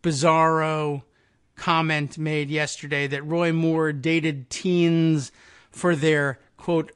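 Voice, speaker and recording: A man's voice: on the high side, level tone, slow, fairly bright tone, clear, resonant tone. A middle-aged man hosting a political talk radio show, musing in a wry, meandering way with frequent fillers and asides.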